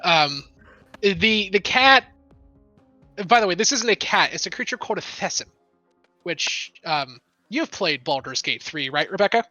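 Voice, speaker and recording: A woman's voice: on the low side, animated, a little slow, long pauses, pushed and bright, dry recording, highs cut off, faint music behind. A woman narrating as game master of a tabletop game, giggling often as she describes the scene.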